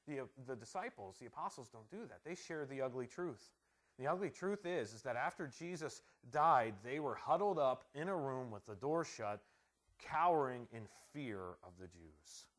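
A middle-aged male pastor preaches a conversational sermon, posing rhetorical questions and shifting between loud emphasis and quiet asides. His voice is medium-pitched and expressive, at a moderate pace.

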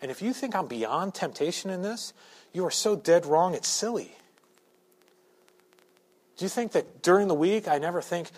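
A pastor preaching a sermon to his church, shifting from quiet asides to loud, emphatic points. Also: high voice, animated, moderate pace. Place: church sanctuary.

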